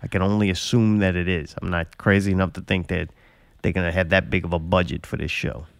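A man's voice: low voice, flat delivery, fast, creaky, no room sound, clean studio sound. A man hosting a podcast who talks in a blunt, rambling way, swearing freely as he chats. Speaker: podcast host. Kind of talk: casual chat.

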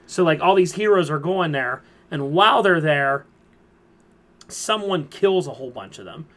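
Podcast host, male, slightly high voice, rambling and filler-heavy recap style. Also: lively intonation, normal speed, fairly bright tone. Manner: rambling retelling full of fillers. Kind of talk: casual chat.

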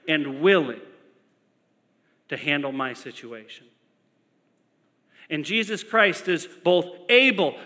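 A male pastor preaches slowly in a high, bright, forceful voice, pausing often. His storytelling is animated, and he drives points home with emphatic repetition. The long echo of a large church hall rings around his words.

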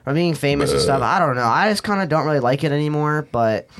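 A man's voice: a little high, fast, creaky, a bit bright. A man guesting on a casual podcast, telling rambling stories full of slang and swearing, recorded in a small bedroom closet.

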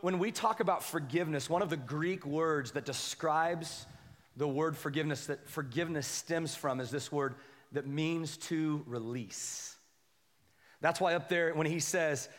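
Animated man preaching in a reverberant church. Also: on the high side, unhurried. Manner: animated preaching, reads scripture aloud, calls for responses. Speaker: pastor. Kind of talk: sermon. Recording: long hall reverb.

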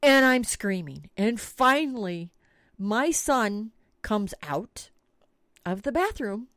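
Animated, slow-talking woman storyteller. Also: fairly high pitch, no echo, studio quality. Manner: animated, swears freely, dramatic retelling. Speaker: podcast host. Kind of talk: comic storytelling.

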